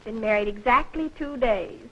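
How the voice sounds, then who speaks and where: Young newlywed wife, 1940s film, gushing, affectionate, fairly high voice, dull old soundtrack. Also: female voice, moderate pace, bright, forceful tone, a little hiss or hum. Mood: sweet. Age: young adult.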